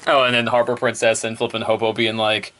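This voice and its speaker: A man's voice: on the low side, level tone, fairly quick, sharp tone, a little hiss or hum. A male reviewer talks through a book in a loose, offhand way. He rambles, laughs often and leans on repeated one-word fillers. The delivery is casual and unscripted.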